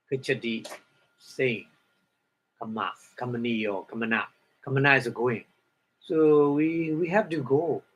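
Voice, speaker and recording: Male meditation teacher, mid-pitch, slow and halting, repeats terms, explaining word by word. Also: fairly bright tone. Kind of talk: dharma lecture.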